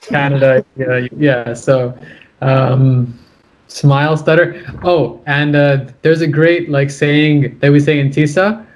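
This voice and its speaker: Guy on a call, slow and steady, stutters, says words over and over. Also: mid-range voice. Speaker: co-guest. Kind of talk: casual video-call interview.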